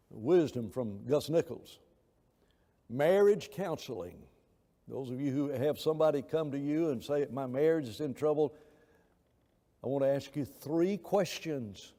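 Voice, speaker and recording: Mellow-voiced man teaching a Bible class. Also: medium pitch, lively intonation, normal speed. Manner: rambling and anecdotal, acts out quoted voices. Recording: long reverb of a church hall.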